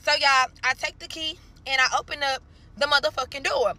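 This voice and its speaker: Her voice is high and bright, steady yet forceful, as this young woman from St. Louis narrates a storytime vlog. Profanity flows easily, viewers get addressed as y'all, and the telling is drawn-out and dramatic.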